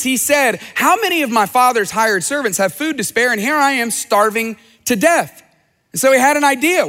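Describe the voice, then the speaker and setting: A man's voice: high voice, a bit bright. A man preaching a sermon in a conversational way, often repeating phrases for emphasis. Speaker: pastor. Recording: long reverb of a hall.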